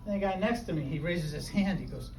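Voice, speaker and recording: Rambling middle-aged comedian from the New Hampshire seacoast. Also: male voice, high voice, quick pace, a little mellow. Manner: rambling, self-deprecating storytelling with many fillers. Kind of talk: stand-up comedy. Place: open mic venue. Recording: echoey room, distant mic, noisy.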